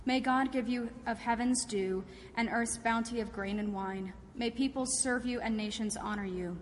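A woman reading scripture aloud, voicing Isaac, an old blind father, in a solemn, measured way. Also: fairly high pitch, a little hiss or hum, close to an everyday voice. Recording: reverberant church hall.

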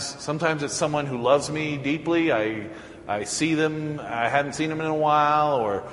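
A man preaching a sermon as a pastor, telling stories in a relaxed, conversational way with frequent chuckles. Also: medium pitch. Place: church sanctuary. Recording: echoey church hall, faint ambience.

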